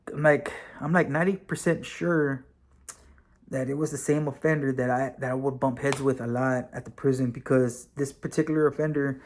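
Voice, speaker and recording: A man's voice: mid-range voice, a little hiss or hum. Man casually telling a personal story. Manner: relaxed and conversational, with frequent fillers and occasional swearing. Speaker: vlogger and former correctional officer, now bus driver.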